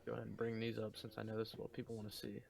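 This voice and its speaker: A man's voice: fairly low pitch, monotone, rapid-fire, creaky, darkish tone. A man co-hosting a podcast, joking and teasing his friends in casual chat and swearing freely. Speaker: podcast co-host.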